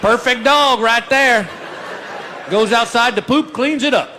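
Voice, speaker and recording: A man's voice: extremely high pitch, unhurried. A man doing a stand-up routine on stage. He is folksy and exasperated and laughs at his own jokes. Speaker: stand-up comedian. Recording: live stage recording with audience. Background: audience and room noise.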